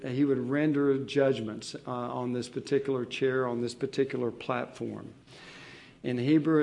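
A man preaching an expository sermon, slow and deliberate, pausing with fillers and restarting his phrases as he explains a Bible passage. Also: mid-range voice, darkish tone.

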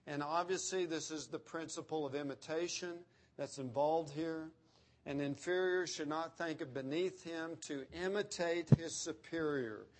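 Emphatic male preacher, higher voice. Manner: emphatic, slows down to quote scripture. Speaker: pastor. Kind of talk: expository sermon.

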